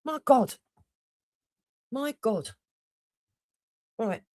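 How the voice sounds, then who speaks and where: A woman livestreamer tears into another streamer, blunt, mocking and swearing constantly. Her voice sits fairly high and swings widely as she talks quickly. The sound is dry and close. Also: animated, darkish tone, no echo. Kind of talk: heated reaction commentary.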